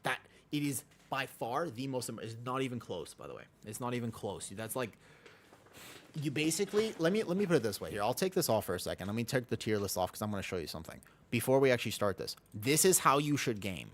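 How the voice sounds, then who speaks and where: A man's voice: medium pitch, big pitch swings, fast talker, slight background noise. A man live-streaming a video game, chatting casually with viewers and friends and explaining his point with emphatic repetition and the odd swear. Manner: talks to chat and friends while teaching.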